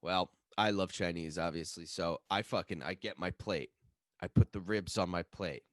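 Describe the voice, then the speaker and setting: A man co-hosting a comedy podcast, telling a profane story with lots of swearing and shouted reenactments. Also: low-pitched, normal speed, no room sound, clean studio sound. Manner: profane, animated, acts out his own yelling. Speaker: podcast co-host.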